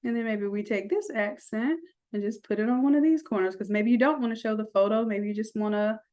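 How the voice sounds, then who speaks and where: A woman walking through a software design tutorial, chatty, with folksy asides. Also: mid-range voice, brisk, lo-fi sound. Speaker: design instructor. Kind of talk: screen-recorded software tutorial.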